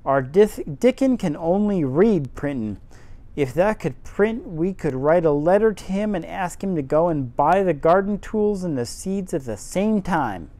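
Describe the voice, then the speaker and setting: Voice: medium pitch, lively intonation, measured pace, warm tone, no room sound, close to an everyday voice. Tipsy reader doing a chatty Yorkshire housemaid. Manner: broad dialect, chatty and homely. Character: cheerful young Yorkshire housemaid woman.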